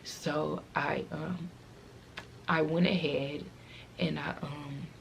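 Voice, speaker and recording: Teenage girl, low gravelly voice, emotional rambling storytime, faint noise behind. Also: fairly even intonation, slow. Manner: emotional, rambling, fighting back tears. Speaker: vlogger. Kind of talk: casual storytime.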